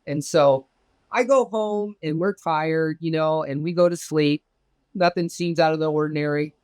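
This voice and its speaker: A man from Southern California telling a personal story as an interview guest, animated and profane, acting out the voices of others in it. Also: clean tone, no room sound. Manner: animated, profane, acts out quoted exchanges with big pitch jumps. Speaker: interview guest recounting a UFO experience. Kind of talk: casual storytelling.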